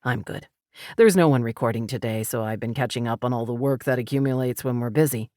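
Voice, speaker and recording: A calm, gentle grown man with a dry sense of humor, as a woman reads him in an audiobook, talking softly in a low voice. Close and dry, with no room sound. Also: fairly quick, no room sound. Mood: easygoing. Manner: soft-spoken, lowered voice. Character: gentle, wry adult man, a calm listener. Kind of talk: audiobook character voice.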